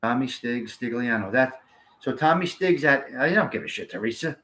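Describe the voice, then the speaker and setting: A man's voice: mid-range voice, animated, normal speed, sharp tone. A man hosting a casual livestream, chatting to viewers in a blunt, rambling way and swearing freely. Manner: blunt, rambling, salty-mouthed. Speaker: livestream host.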